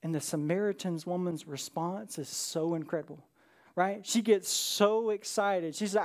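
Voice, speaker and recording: Pastor guy preaching, chatty, keeps saying right?, goes from loud and quick to really quiet. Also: sits high, expressive. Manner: conversational, with frequent "right?" asides. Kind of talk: sermon.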